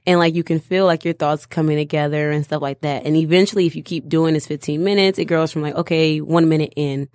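A young woman with a Michigan accent chats loosely, leaning on filler words and laughing often. Her voice sits low for a woman and the sound is dry and close. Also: steady tone, fast talker, hardly any pauses, a little mellow, dry recording. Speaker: podcast co-host. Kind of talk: casual chat.

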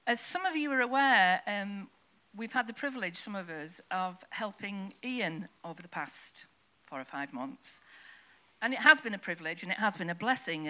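A woman shares a testimony with her church, her voice bright and forward. She tells it in a chatty, rambling way, restarting sentences and adding asides, speaking into a handheld mic at a service. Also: fairly low pitch. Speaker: church member sharing a testimony. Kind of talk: personal testimony told to a congregation.

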